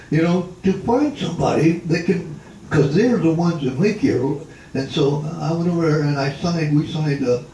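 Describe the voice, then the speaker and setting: At a family reunion in an indoor hall, an old man in his eighties who once drummed and tap danced rambles through his life stories to the gathering, with frequent restarts and fillers. He sounds mellow and on the high side. The mic sits distant, picking up roomy echo and a faint hum.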